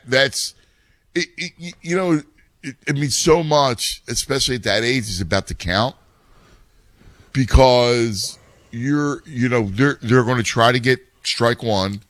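A man's voice: medium pitch, a bit bright, no room sound. A middle-aged man, a youth baseball coach and parent, talking in casual chat, rambling with many restarts.

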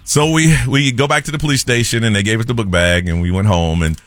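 A man, a morning radio host telling a story in an animated way and acting out the people in it. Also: lowish voice, fast talker, no room sound. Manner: animated storyteller, acts out quoted voices.

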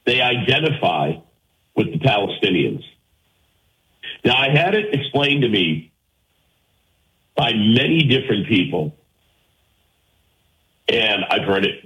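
A man's voice: medium pitch, pushed and bright, poor audio. A man hosting a call-in radio show, arguing his point emphatically and firing rhetorical questions at his listeners. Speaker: talk radio host.

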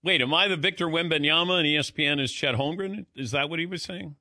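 A man's voice: fairly high pitch, bright, forceful tone, no echo, studio quality. A man hosting a sports radio talk show, easygoing and jokey. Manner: easygoing, jokey, quick to laugh. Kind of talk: casual sports radio chat.

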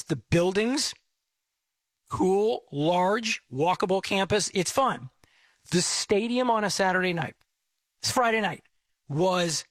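A man's voice: sits high, fairly bright tone, no echo. A middle-aged man from Texas, telling a rambling, self-deprecating story as host. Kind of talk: casual storytelling.

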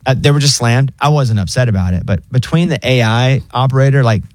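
A young man and co-host in casual chat, telling stories in an animated way and doing high voices when he quotes others. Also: brisk, dry recording. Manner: animated storyteller, mimics voices in high pitch.

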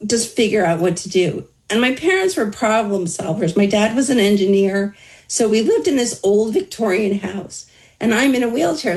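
A woman's voice: mid-range voice, a little mellow, rough recording. A woman being interviewed as an author, telling her life story openly in a conversational way, with wry humor. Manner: candid, wry humor, talks through hardship plainly.

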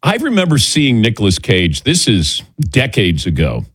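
A man's voice: fairly low pitch, huge pitch swings, normal speed, slightly rough, no echo. A man hosting a sports radio talk show, joking loosely and tossing to his crew by name. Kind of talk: casual radio show chat. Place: radio studio. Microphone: studio microphone.

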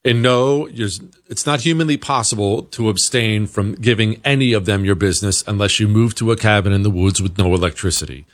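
A man's voice: lowish voice, fairly quick, hardly any pauses, dry recording. A male talk show host giving political commentary in a blunt, sarcastic way.

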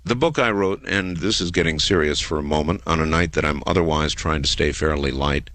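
A man hosting a late-night call-in radio show, taking callers with a dramatic, drawn-out delivery. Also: extremely low pitch, fairly bright tone, dry recording. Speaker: radio talk show host. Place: radio studio.

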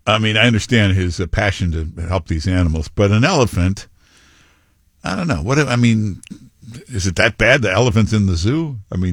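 A man's voice: fairly low pitch, dry recording, clean studio sound. A man hosting talk radio, chatting casually about local politics with lots of asides and restarts.

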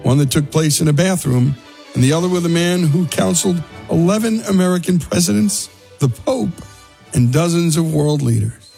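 A man's voice: a little high, animated, moderate pace, creaky, warm tone, faint music behind. A male radio host reading a scripted introduction of a guest.

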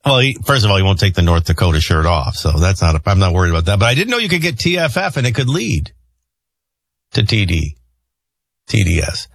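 A man hosting a morning radio show, telling stories in an animated way. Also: low-pitched, fairly quick, gravelly, no room sound. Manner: animated storyteller, jumps between voices. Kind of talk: casual on-air chat.

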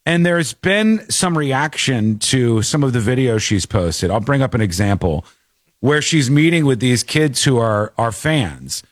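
A man's voice: medium pitch, big pitch swings, measured pace, no room sound, studio quality. A man hosting a talk show, chatting casually and rambling with frequent restarts. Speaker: show host. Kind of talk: casual commentary chat.

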